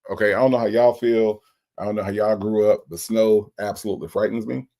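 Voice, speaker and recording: A man's voice: fairly low pitch, fairly even intonation, fairly quick, mellow. A laid-back man from Florida, hosting a casual livestream chat and reading out viewer comments. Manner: laid-back, chatty, repeats himself, playful. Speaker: livestream host.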